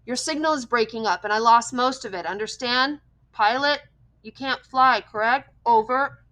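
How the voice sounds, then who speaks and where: A woman reading an audiobook, voicing a calm male radio operator speaking in clipped radio procedure. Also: fairly high pitch, normal speed, voice pushed up, low-quality recording. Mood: procedural. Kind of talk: audiobook character voice.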